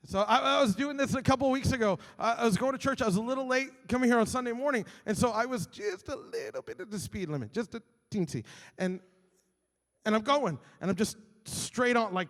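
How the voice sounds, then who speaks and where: A man's voice: high-pitched, fairly quick, long reverb tail. A male pastor preaching a sermon, telling stories animatedly and acting out his own grumbling.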